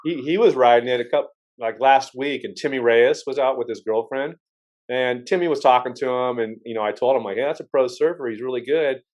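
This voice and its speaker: A man with a mid-range, darkish voice talks briskly on a muffled recording. He's a podcast host telling rambling, casual stories, often restarting his sentences and cursing now and then.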